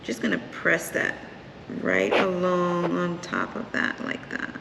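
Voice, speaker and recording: A woman's voice: fairly low pitch, slow, vocal fry, heavy background noise. A woman hosting a cooking vlog, chatting casually to her viewers and savoring the food as she goes. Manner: relaxed, chatty, savoring food between lines. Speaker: cooking channel host. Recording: echoey room with long reverb.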